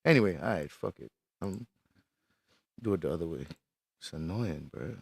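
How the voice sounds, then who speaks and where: A man's voice: low voice, animated, normal speed, gravelly, darkish tone, slightly rough, no echo. A man live-streaming casual chat from his computer, swearing in frustration and greeting viewers as he works.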